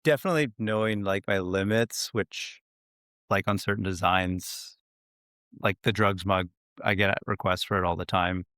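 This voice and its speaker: Man, potter guest, fairly low smooth voice, dry sound, relaxed, plain-spoken. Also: moderate pace, dry recording. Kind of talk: casual interview chat.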